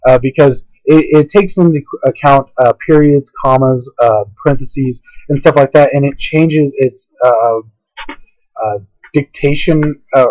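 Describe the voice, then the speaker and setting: A man casually explaining software in a tutorial, rambling with many fillers, recorded at home on a laptop. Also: medium pitch, no room sound, lo-fi sound. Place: home, by a window. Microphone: laptop mic.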